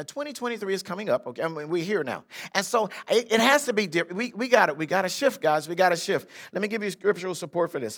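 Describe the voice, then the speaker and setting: An older man, a bishop, preaching a lively sermon and acting out Bible figures in street slang. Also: a little high. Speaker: pastor. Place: church sanctuary.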